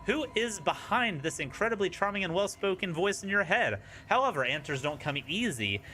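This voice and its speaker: A man's voice: high voice, big pitch swings, moderate pace, pushed and bright, slight background noise. A man streaming a dating sim, reading its narration aloud with playful, wry asides.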